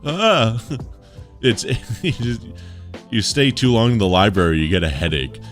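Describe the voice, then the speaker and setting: A man's voice: fairly low pitch, animated, normal speed, soft background music. A man reading articles aloud on a livestream, chatty, with asides to his chat.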